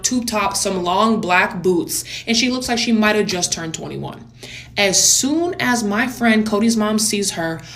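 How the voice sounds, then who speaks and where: Sassy young woman telling a storytime. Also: mid-range voice. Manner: animated, sassy, blunt commentary. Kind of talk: storytime vlog.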